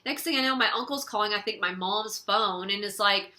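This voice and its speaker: A woman's voice: medium pitch, fairly quick, sharp tone, slight background noise. A young woman vlogger telling a personal story to camera, acting out her family's lines along the way. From California. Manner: acts out quoted family members while retelling. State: tearful at times.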